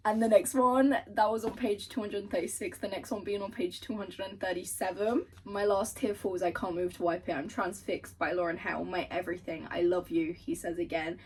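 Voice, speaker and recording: A woman's voice: on the low side, fairly even intonation, moderate pace, few pauses, darkish tone, breathy edge, recorded from a distance, low-quality recording. A young woman book vlogger chatting casually and gushing over quotes she reads aloud, swearing now and then. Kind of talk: casual chat and reading aloud.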